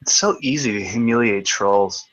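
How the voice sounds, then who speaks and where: A man's voice: fairly low pitch, normal speed, fairly bright tone, no room sound, dull audio. A man hosting a live video chat, ranting in a combative, profane, taunting way. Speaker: livestream host.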